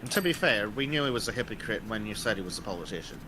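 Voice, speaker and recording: A man's voice: on the low side, lively intonation, fast talker, pushed and bright, a little hiss or hum, poor audio. An Australian man, a guest in a casual gaming chat, talking bluntly and swearing. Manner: blunt, sweary, dry agreement.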